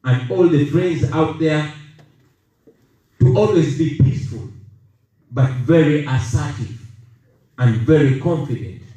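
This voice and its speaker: A man's voice: fairly high pitch, warm tone. Emphatic Ugandan man speaking in an echoey hall. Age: 30s. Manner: emphatic, deliberate, repeating key phrases. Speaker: political speaker. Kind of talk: rallying speech to an audience. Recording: echoey room, voice heard from a distance.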